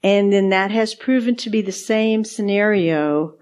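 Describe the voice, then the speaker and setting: A woman's voice: mid-range voice, measured pace, darkish tone, smooth. A woman co-hosting a podcast, sharing faith testimonies in casual chat, earnest and repeating words for emphasis. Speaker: podcast co-host.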